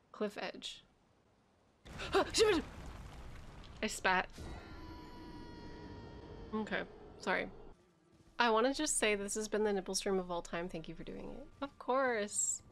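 A woman's voice: medium pitch, slow pace, pauses often, music in the background. Giggly woman streaming a game. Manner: giggly and chatty, laughs often. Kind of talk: casual live-stream chat.

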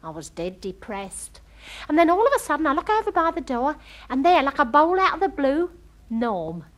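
A woman's voice: high-pitched, normal speed. A woman playing a chatty, starry-eyed working-class girl. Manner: lively, breathless gossiping storyteller; homely ungrammatical speech. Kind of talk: comic character monologue.

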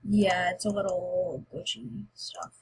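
A woman's voice: on the low side, slow pace, creaky, slight background noise, rough recording. A woman YouTuber chatting casually and rambling through a game giveaway video. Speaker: Minecraft YouTuber.

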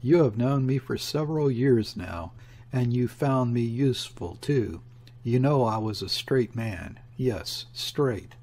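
A man reading the lines of a gloomy, desperate conspirator with a husky voice, in an audiobook. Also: medium pitch, lively intonation, takes it slowly, darkish tone. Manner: gloomy and bitter. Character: gloomy desperate middle-aged male conspirator.

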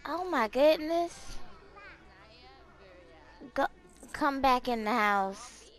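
A woman's voice: sits high, expressive, extremely slow, fairly bright tone, soft background music. A woman giving casual commentary while playing a life-sim game, chatting freely, swearing often and talking to her characters. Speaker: gaming channel host.

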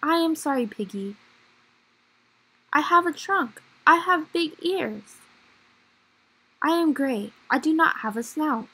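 A woman voicing a shy, worried gray male elephant in a children's picture book reading, speaking slowly, hesitantly and glumly. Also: high voice, pushed and bright, heavily acted, poor audio. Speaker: library storyteller.

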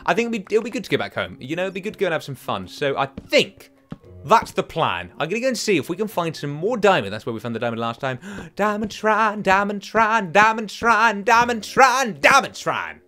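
Excitable young man gaming. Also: a little high, fast, faint music behind. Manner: chatty, excitable, self-mocking, sings silly chants. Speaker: gaming channel host. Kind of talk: casual let's play commentary.

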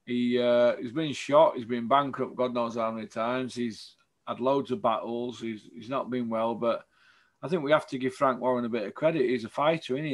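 A man hosting a casual boxing chat, tired after a long day, rambling with tag questions. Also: medium pitch. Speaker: host.

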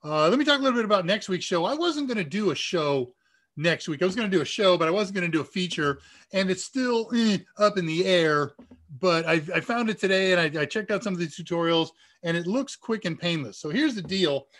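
A man's voice: sits high, expressive, a little fast, fairly bright tone. Chatty nasal man hosting a live Q&A. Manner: chatty, enthusiastic about tech. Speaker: live stream host. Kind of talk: casual live Q&A chat.

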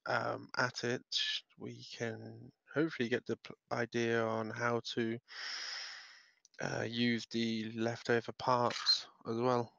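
Gravelly, flat-voiced male player. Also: mid-range voice, no room sound. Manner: hesitant, with many ums. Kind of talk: tabletop role-play. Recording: dry, slightly muffled.

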